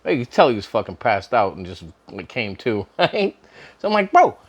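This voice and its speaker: A middle-aged man with a fairly low voice tells a story in a loose, rambling way. His pitch swings widely as he gets animated. He swears constantly and laughs between lines. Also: brisk, breathy edge. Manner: profane, laughing often, animated. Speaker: vlogger telling a personal story. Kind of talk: casual storytelling to camera.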